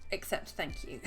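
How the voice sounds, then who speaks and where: A woman hosting a live stream, chatting with viewers, laughing often and gushing with overwhelmed thanks. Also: high-pitched. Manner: giggly and effusive, laughing often. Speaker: livestream host.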